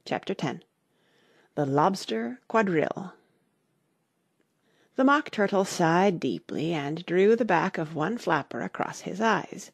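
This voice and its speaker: A woman reading a classic storybook aloud in an expressive narration. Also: on the low side, takes it slowly, gravelly, pauses often, breathy edge, no echo, studio quality. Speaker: audiobook narrator.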